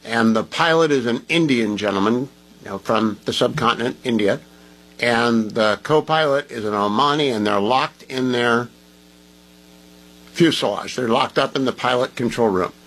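Radio host man, talk monologue, opinionated and emphatic, mid pitch. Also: normal speed, a bit bright, rough recording. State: groggy from medication.

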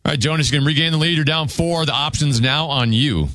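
A man hosting a word game show, briskly announcing scores and whose turn it is. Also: fairly high pitch, a bit bright, no echo.

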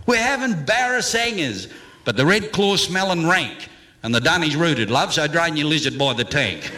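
A man's voice: fairly high pitch, animated, moderate pace, bright, forceful tone, slight background noise, pitched below the performer's own voice. A man voicing a brash, teasing young outback station woman in a comic verse. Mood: bossy.

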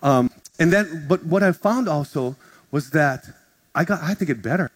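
A man's voice: on the high side, normal speed, slightly rough. A man, a pastor, preaching a sermon and telling a story, acting out each person's voice. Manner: animated, acts out conversations in shifting voices.

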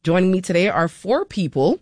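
A woman with a lowish voice hosts a public radio talk show from a studio. She talks in a measured way and slows down for lists and phone numbers. The sound is close and dry. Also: big pitch swings, darkish tone, no echo. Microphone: studio microphone.

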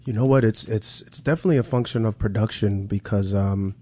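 A man's voice: fairly low pitch, fairly quick, dark tone. A man being interviewed as a musician, talking in a loose, casual way with many fillers and restarts. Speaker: musician guest.

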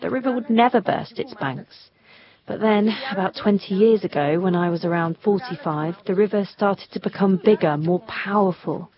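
Woman reading a calm translated voice-over. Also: medium pitch, normal speed, lo-fi sound. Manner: calm, reflective recollection.

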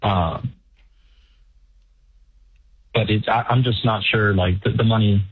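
A man calling into a radio show, sounding nervous and hesitant, with many pauses and fillers. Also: lowish voice, steady tone, breathy edge, dry recording. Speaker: caller. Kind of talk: phone-in conversation. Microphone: telephone. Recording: dry tinny phone line.

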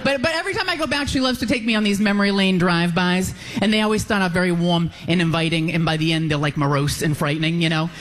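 Fast-talking man telling comic stories. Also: high-pitched, fairly bright tone. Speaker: stand-up comedian. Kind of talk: stand-up comedy clip.

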